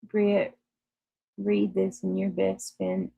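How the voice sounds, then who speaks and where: A woman hosting a casual livestream, chatting with viewers and reading their comments, warm toward them and quick to apologize. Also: mid-range voice, monotone, creaky, breathy edge, dry recording. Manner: chatty, apologetic, laughs easily, restarts often. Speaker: livestream host.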